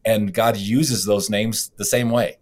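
A man's voice: fairly low pitch, steady tone, takes it slowly. A man hosting a faith conversation who reacts enthusiastically and ties what he hears to scripture. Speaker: host. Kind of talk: faith talk show conversation.

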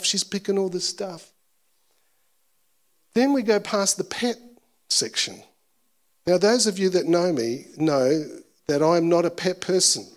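A male pastor preaching a sermon at a church service, telling a personal story in an animated, self-deprecating way. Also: high voice, a little slow, long pauses.

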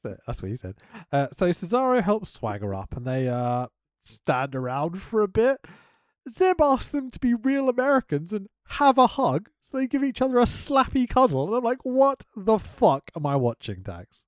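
A man hosting a casual chat, his voice leaping wildly from low grumbles to high whoops. He swears freely, laughs often and talks with restless energy. The sound is close and dry, with no room around it. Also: very animated, moderate pace, no room sound. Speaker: podcast co-host.

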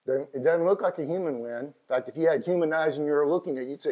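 A middle-aged man with a Texan accent preaching a sermon as pastor, swinging from quiet asides to impassioned shouted lines. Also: on the high side, quick pace, hardly any pauses, low-quality recording. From Texas.

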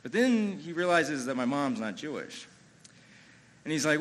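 A man telling a personal story live on stage, chatty and animated, with lots of "you know" and restarts. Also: a little high, a little slow.

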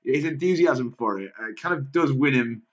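A man's voice: medium pitch, expressive, normal speed. A British man co-hosting a podcast, chatting casually with wry, jokey asides. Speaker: podcast co-host. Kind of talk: casual comedic chat. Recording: muffled lo-fi podcast audio.

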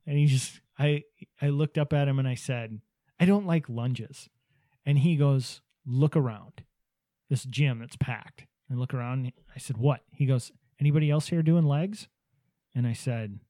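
Casting: man, mid-pitched mellow voice, storyteller who quotes others, dry close sound. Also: no echo. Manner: anecdotal, laughs easily, acts out quotes. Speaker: podcast host, business owner. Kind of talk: casual chat, storytelling.

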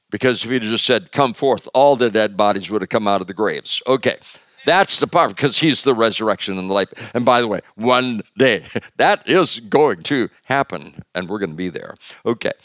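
Brief: male pastor, conversational sermon, loud emphasis dropping to quiet, deeper voice. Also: expressive, moderate pace, no echo. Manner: conversational with joking asides and fillers; swings from loud emphasis to hushed.

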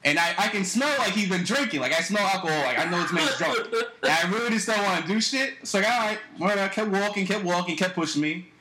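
A young man recounts a story in a lively, swooping voice that sits high for a man. His delivery is loose and profane, and he jumps into other people's lines as he tells it. The room is echoey, with a faint hiss behind him. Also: fast talker. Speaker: podcast host. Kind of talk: casual storytelling.

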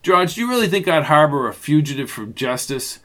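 A man with a slightly high voice narrates a mystery radio drama. He tells the story steadily and also speaks the detective's lines. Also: sing-song, brisk, a bit bright.

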